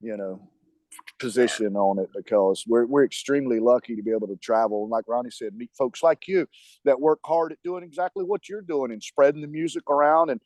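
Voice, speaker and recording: A man's voice: medium pitch, a little fast, dry recording. Chatty Southern US man, dry sound. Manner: animated, rambling storyteller who laughs often. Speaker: touring band musician, guest. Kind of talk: casual interview chat.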